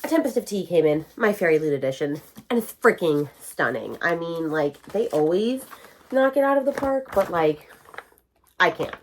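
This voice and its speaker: An animated woman with a twang chats through a casual reading vlog. She rants about books and slips into quick voices for the characters she quotes. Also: lowish voice, a little hiss or hum. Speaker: book vlogger.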